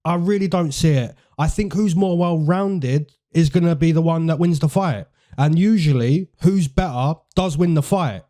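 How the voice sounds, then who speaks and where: A man's voice: on the high side, moderate pace, few pauses, mellow. A man hosting fight predictions in casual, chatty commentary, repeating phrases for emphasis and using slang.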